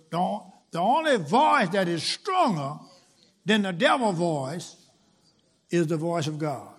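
A high-pitched, slightly rough-voiced man preaches emphatically, swelling to loud, stressed lines and dropping into quiet asides. He builds rhythm by repeating phrases.

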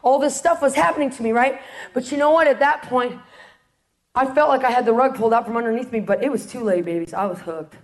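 A woman with a high, bright speaking voice delivers a testimony to a crowd. She tells it like a storyteller, jumping into voices for each person and laughing along the way. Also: fast. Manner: animated storyteller, acts out quotes, laughs often. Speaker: ministry speaker sharing testimony. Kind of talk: testimony talk to an audience.

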